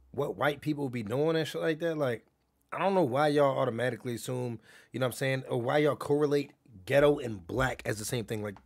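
A young man streaming live and reacting to clips in a loud, animated rant that often breaks into shouting. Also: mid-range voice, creaky, slightly rough. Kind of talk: livestream reaction commentary.

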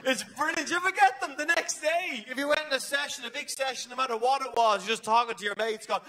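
A man with an Irish accent doing stand-up comedy, talking in a manic, shouting way and acting out characters. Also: very high-pitched, fast, hardly any pauses. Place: theatre stage before a live audience. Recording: live show with audience noise.

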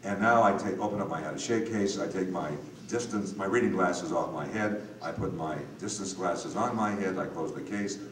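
An older man telling an animated story on a convention panel, recorded from far off in an echoey hall. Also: low-pitched, moderate pace, hardly any pauses, slight background noise. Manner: animated anecdote teller with acted quotes. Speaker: panel guest, voice actor.

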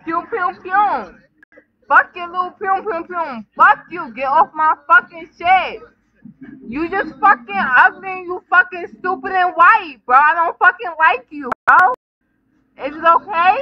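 Drunk high-voiced female streamer, slow drawl, teasing and giggly. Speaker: livestreamer. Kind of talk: drunk casual livestream banter. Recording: dull lo-fi stream audio.

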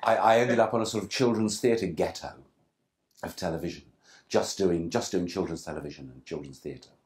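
A man's voice: deep voice, a little fast, darkish tone. An older man from England, telling self-deprecating stories as an interview guest, with frequent restarts and asides. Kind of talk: relaxed anecdotal interview talk.

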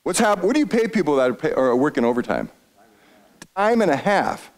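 Man, economics lecture, high voice, very lively swings in pitch. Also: a little fast. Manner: animated, quizzes the audience with questions. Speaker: economist giving a talk. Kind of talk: lively lecture to a retiree audience.

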